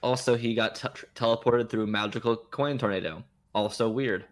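A man's voice: medium pitch, fairly quick. A man co-hosting a casual podcast, retelling a movie plot in an incredulous, joking way. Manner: animated, incredulous retelling with laughs. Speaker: podcast co-host. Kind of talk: casual chat reviewing a movie.

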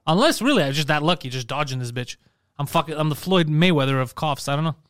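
A man's voice: on the high side, animated, fast talker, fairly bright tone, clean tone, no echo, clean studio sound. A man co-hosting a podcast, telling profane, brash stories in casual chat. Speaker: podcast co-host.

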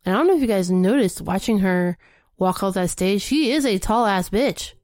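A woman's voice: medium pitch, expressive, normal speed, a little mellow, no echo, clean studio sound. A woman co-hosting a casual podcast, playful and blunt, laughing easily. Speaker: podcast co-host. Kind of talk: casual game chat.

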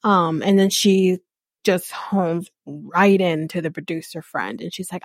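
A woman's voice: lowish voice, measured pace, no room sound, studio quality. A woman hosting a podcast, recapping a reality show in casual gossipy chat, laughing and mimicking the people she talks about.

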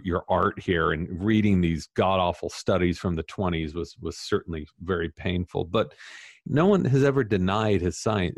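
Male author guest, low register, dry close sound, emphatic and lively in conversation. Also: no room sound. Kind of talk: casual interview chat.

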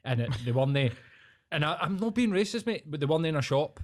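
A man's voice: on the high side, animated, fast. Sweary Glaswegian man in banter. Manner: sweary, emphatic, riled-up banter. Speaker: podcast co-host. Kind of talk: casual chat.

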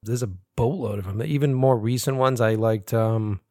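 An American man, a filmmaker, chatting casually on a podcast, animated, swearing often and laughing. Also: medium pitch, moderate pace, no echo, studio quality. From United States. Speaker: filmmaker guest.

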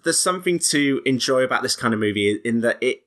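A man chatting casually about a movie, animated and stumbling over restarts as he acts out lines. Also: medium pitch, quick pace, few pauses. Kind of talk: casual podcast film discussion.

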